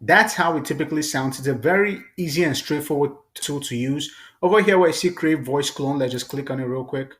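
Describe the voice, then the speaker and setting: A man hosting a casual, chatty software tutorial. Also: fairly high pitch, a little fast. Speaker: tutorial host.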